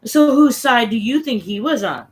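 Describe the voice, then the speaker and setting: A woman's voice: on the high side, expressive, normal speed, a little mellow, a little hiss or hum. A woman from Connecticut venting in a casual, rambling, profane chat on her own stream. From Connecticut, USA. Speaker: livestream host.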